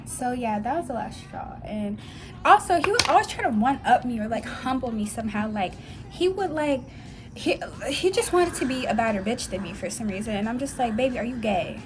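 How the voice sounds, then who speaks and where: A woman's voice: on the high side, lively intonation, moderate pace, noisy background. A young woman in her twenties telling a blunt, profane storytime rant in a casual vlog. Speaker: vlogger. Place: dim room at home.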